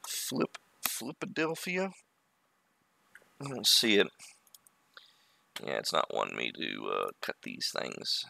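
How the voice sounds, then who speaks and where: A man's voice: very deep voice, wildly swooping pitch, measured pace, gravelly, long pauses, pushed and bright. A man hosting a livestream, giving casual running commentary on his work on a 3D model and muttering to himself with joking asides, indoors at a computer. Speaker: livestream host.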